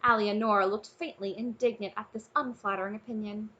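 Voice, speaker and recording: A woman narrating a children's fantasy novel aloud in an expressive, storytelling manner, in a dull lo-fi recording. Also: mid-range voice, brisk. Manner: warm, expressive storytelling, casually addressing listeners. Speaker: audiobook narrator.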